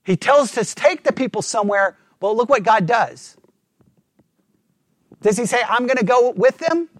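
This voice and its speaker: A man preaching a sermon, asking the congregation questions and swinging between fervent emphasis and hushed asides. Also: very high-pitched, normal speed, no echo. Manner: animated preaching, rhetorical questions, drops to a hush for asides. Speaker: pastor.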